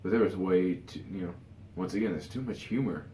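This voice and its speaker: A tired vlogger rambles through his casual opinions in a low, brisk, dark-toned voice, packing in "you know" fillers and restarts. The room echoes, and there's a little hiss or hum.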